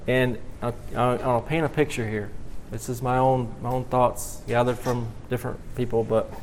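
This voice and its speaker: A man preaching a sermon in a halting way, repeating words and then swelling with emphasis. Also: mid-range voice, steady tone, a little hiss or hum.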